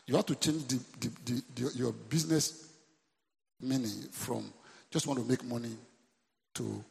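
A Nigerian pastor preaches in a reverberant church hall, his heavily gravelly voice at a middle pitch, steady in tone, a little mellow, and measured in pace. He keeps calling out to the congregation and repeating lines for effect.

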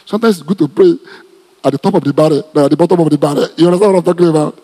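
A man with a Nigerian accent preaching a teaching sermon as pastor, animated and repetitive, with joking asides to the congregation. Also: on the high side, racing, in a large hall. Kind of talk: teaching sermon, Bible study.

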